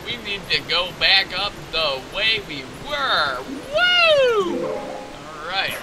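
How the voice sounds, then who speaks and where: A man hosting a let's play with goofy, crude, excitable commentary. His high voice swings about a lot while he talks at an unhurried pace. Game music plays loudly behind him.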